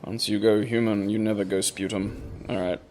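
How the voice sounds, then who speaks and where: Jokey, cursing gamer. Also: male voice, on the low side, level tone, moderate pace, slight background noise. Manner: jokey, swears and reacts loudly at the game. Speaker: let's play co-host. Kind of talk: casual gameplay commentary.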